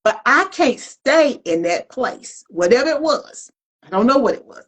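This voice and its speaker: This podcast co-host, a middle-aged woman, has a high voice and a moderate pace, though the audio quality is poor. She speaks in a lively, colloquial way, reflecting frankly during relaxed conversation.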